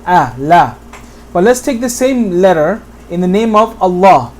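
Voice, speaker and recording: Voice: mid-range voice, moderate pace. Patient teacher who keeps checking in. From Bangladesh. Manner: patient, checks in with "okay?" often, repeats examples. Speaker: Quran recitation teacher. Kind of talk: whiteboard tutorial.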